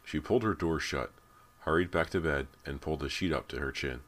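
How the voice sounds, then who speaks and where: A man with an extremely deep voice reads a horror audiobook aloud. His narration is measured and deliberate, slowing down at the tense moments and keeping an even pace.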